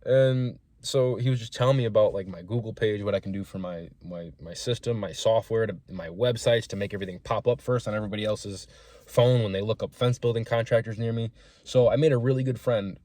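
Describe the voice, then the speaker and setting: A man's voice: lowish voice, brisk, dark tone, no echo. A young man casually telling rambling, frank stories in a profane, chatty way. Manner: profane, rambling, frank storytelling with acted-out quotes. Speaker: small business owner telling gym stories. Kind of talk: casual storytelling vlog.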